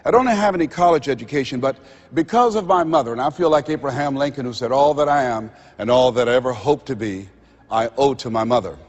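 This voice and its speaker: A man from Miami, Florida telling his life story to an audience in an earnest, measured way. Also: medium pitch. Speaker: motivational speaker. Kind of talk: personal testimony speech. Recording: dull recording in a reverberant hall.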